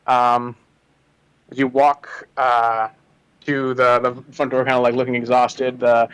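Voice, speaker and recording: A man narrating as game master of a tabletop game, halting with many fillers. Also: medium pitch, level tone, fairly bright tone, clear, resonant tone, poor audio.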